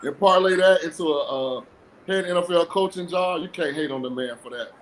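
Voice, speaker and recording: A guest football analyst on a sports talk show, a man from a cold-weather state, gives blunt, sarcastic opinions in a laid-back way. His voice is fairly high and his delivery fairly quick. The recording is low in quality, with a little background noise.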